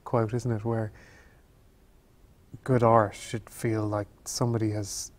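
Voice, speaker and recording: A man, an actor as interview guest, telling stories in a halting, thoughtful way and often circling back on his words. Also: on the low side, flat delivery. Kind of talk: Q&A interview, reflective storytelling.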